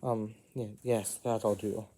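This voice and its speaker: A man's voice: lowish voice, fairly even intonation, slow pace, warm tone. A man telling an improvised first-person fantasy story, rambling, with frequent asides and self-corrections.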